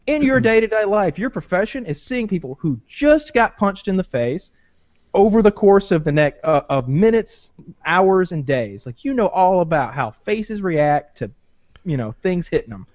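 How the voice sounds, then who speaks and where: A man's voice: high voice, very animated, moderate pace, darkish tone, no room sound. A man hosting a podcast in casual chat, rambling and swearing with many fillers. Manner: rambling, profane, full of "like" fillers. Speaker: podcast host. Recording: dull dry lo-fi podcast audio.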